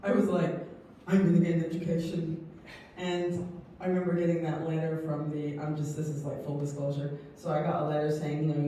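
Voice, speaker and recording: A woman in her fifties from England, giving an earnest, emotional personal testimony as a guest speaker, with frequent laughs and halting restarts. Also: on the low side, fairly even intonation, dark tone. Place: community hall. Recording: echoey hall, distant mic, faint noise.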